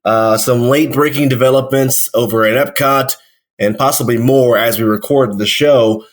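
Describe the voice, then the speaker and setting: A man's voice: mid-range voice, fairly even intonation, normal speed. A man hosting a theme park podcast, telling a trip story in upbeat casual chat. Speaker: podcast host.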